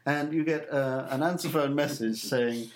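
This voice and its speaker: A man's voice: medium pitch, moderate pace. A man on a casual talk show, telling a story with swearing and laughter. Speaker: co-host. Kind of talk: casual chat.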